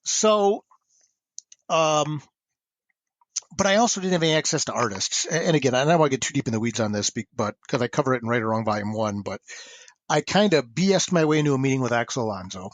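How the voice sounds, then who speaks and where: A man in his forties, a comics writer and podcast guest, telling stories in a chatty, animated way. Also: mid-range voice, fast, no room sound. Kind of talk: casual interview storytelling.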